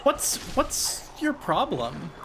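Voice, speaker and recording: A game streamer chatting casually with quick, rambling asides and easy swearing. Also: mid-range voice, huge pitch swings, vocal fry, noisy background. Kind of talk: casual chat while playing a game.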